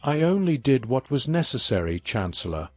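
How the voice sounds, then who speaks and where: A man's voice: medium pitch, big pitch swings, moderate pace, darkish tone, dry recording, soft background music, close to an everyday voice. A man reading the lines of a cautious, strained male scientist in a scripted story. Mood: tense.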